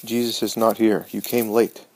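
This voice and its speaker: A man reading as a grave, gentle mother. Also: little pitch movement, lightly acted, rough recording. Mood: kind. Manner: slow, low, serious reproach.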